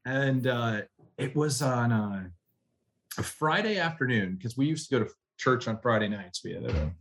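A man's voice: medium pitch, normal speed. A man from the United States, an army veteran guest telling personal stories in a conversational interview, with many fillers and acted-out quotes. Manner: animated storyteller, many fillers, acts out quoted voices. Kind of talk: conversational storytelling.

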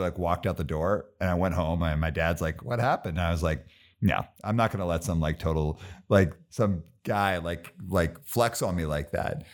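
A host with a very low, deep voice, talking in a casual, rambling way and saying "like" often. He is a man reflecting on his own past before he turns the talk to his guest. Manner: rambling, heavy use of "like". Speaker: podcast host. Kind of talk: casual conversation.

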